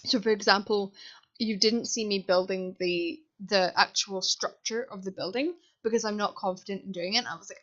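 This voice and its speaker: A young British woman at university narrates her game build in a relaxed, rambling chat, often putting herself down. Her mid-range voice is steady, a bit bright, and moderately paced, with lo-fi sound from a desk mic.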